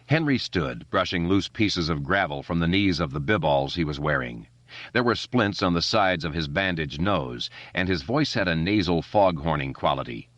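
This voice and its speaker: Deep male audiobook narrator, lively intonation, dry dull sound. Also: normal speed, no echo. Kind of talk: scripted narration.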